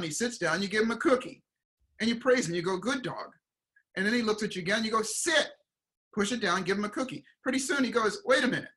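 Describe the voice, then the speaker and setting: A middle-aged man and performance coach, talking in a casual interview as an animated storyteller who acts out quoted voices. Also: high-pitched. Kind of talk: casual motivational interview talk.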